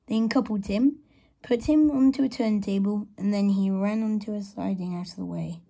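Lady reading a kids story, husky dark voice, slow and gentle. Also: mid-range voice. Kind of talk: reading a children's story aloud.

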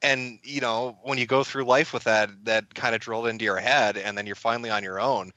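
A man talking as a guest on a casual podcast interview, wry and animated, acting out quotes from others. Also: medium pitch, fairly quick, dry recording, muffled recording.

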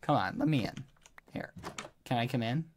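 A man live-streaming a game, talking in a pleading, apologetic way with loud exclamations. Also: medium pitch, lively intonation, normal speed, a little hiss or hum. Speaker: gaming streamer. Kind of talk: live-streamed gameplay chat.

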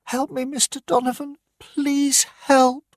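A man voicing a desperate mother begging for help for her children, in a high strained voice. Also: flat delivery, takes it slowly, no room sound, studio quality. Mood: pleading.

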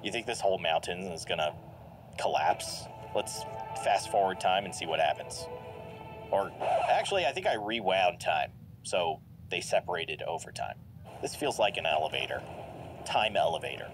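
A man giving lively, jokey commentary while playing a video game, reacting aloud and laughing often. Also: low-pitched, moderate pace. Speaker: gameplay commentator. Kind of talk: let's play commentary. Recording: game music playing behind. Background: game music.

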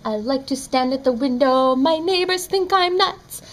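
Playful high-voiced young woman vlogging. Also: animated, normal speed, low-quality recording. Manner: playful, goofy, breaks into sing-song. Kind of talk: casual vlog with silly made-up songs. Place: indoors at a window at home. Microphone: camera mic.

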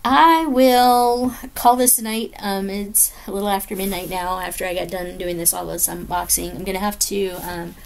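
A woman's voice: mid-range voice, steady tone, normal speed, vocal fry, hardly any pauses. A woman chatting casually as she unboxes a craft kit at home late at night, gushing and rambling with many ums and apologies. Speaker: crafting vlogger. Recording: noticeable background noise.

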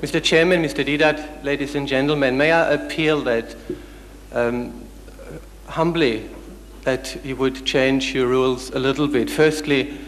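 A man's voice: mid-range voice, steady tone, a little slow, slight background noise. A man from the audience at a public lecture, polite but persistent as he presses the chair to let him ask a full question. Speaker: audience member asking a question. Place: large lecture hall. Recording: long hall reverb.

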